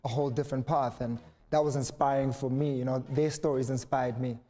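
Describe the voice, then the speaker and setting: A man's voice: mid-range voice, fairly even intonation, brisk, mellow. A man, speaking as a musician guest in an earnest, thoughtful way. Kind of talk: reflective conversation.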